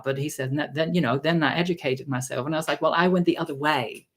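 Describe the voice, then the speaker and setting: A man vlogging a casual story, exasperated and sarcastic, acting out the people he quotes with sudden jumps in pitch. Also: quick pace, few pauses. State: tired.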